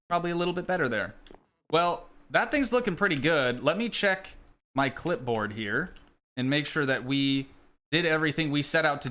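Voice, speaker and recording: Male streamer, relaxed gameplay commentary, rambles and reads chat, bright edge to the voice. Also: on the high side. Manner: chatty, rambling, answers chat questions. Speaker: live streamer.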